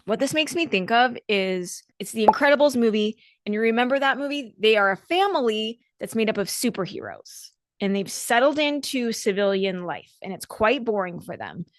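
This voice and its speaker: A woman's voice: fairly high pitch, lively intonation, normal speed, hardly any pauses, no echo. A woman dance coach hosting a solo podcast, talking in an earnest, motivational way with emphatic repetition.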